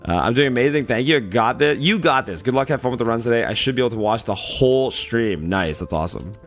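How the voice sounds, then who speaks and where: A man with a groggy, raspy morning voice talks loosely to his stream chat, padding his sentences with fillers as he greets people by name. His pitch sits in an ordinary middle range, and faint music plays quietly underneath. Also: animated, fast talker. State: just woke up, yawning. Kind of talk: casual livestream chat.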